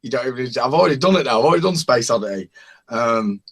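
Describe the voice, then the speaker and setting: A man's voice: medium pitch, lively intonation, very fast, fairly bright tone. A man chatting casually in an online hangout, rambling and chuckling as he lists parody songs he has made. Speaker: open-mic hangout participant. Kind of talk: casual chat.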